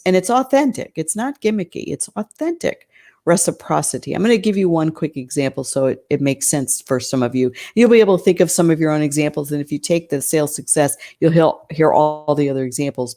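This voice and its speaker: A woman's voice: low voice, a little mellow. A woman coaching cleaning-business owners in an emphatic, conversational way, often checking in with "right?".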